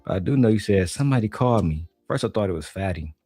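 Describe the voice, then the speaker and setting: A man from Detroit is streaming and reacting, talking bluntly and swearing often. His voice is deep and sounds close and dry. Faint music sits far behind him. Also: animated, fast talker, dark tone, husky, dry recording. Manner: blunt, profane, ranting.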